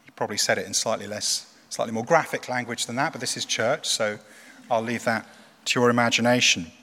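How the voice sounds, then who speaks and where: A man preaching a sermon in a church, retelling a story in an animated, conversational way. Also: mid-range voice, a little fast, big-room sound.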